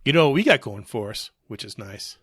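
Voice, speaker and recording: A man's voice: mid-range voice, sing-song, a little fast, a bit bright, slightly rough, dry recording. Podcast co-host: man, slightly wheezy, bantering, dry close sound. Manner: playful, joking banter. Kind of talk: casual chat.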